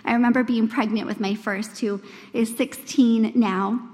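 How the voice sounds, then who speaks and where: A woman in her forties preaching at a women's church gathering, earnest and conversational, acting out quoted voices with big swings in pitch. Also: fairly even intonation, measured pace, a little mellow. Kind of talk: sermon. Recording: long hall reverb.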